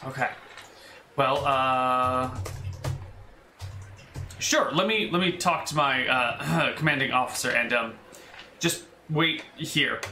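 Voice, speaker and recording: A man's voice: medium pitch, slow pace, long pauses, sharp tone, faint music behind, heavily acted. A man voicing a nervous, stressed junior male officer who stammers. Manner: stammering, flustered. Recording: roomy echo.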